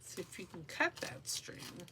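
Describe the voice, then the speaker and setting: A woman chatting casually while she makes a junk journal, rambling and talking to herself as she works. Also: unhurried. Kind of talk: casual crafting tutorial chat. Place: home craft room. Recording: noisy home recording. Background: dog and paper rustling.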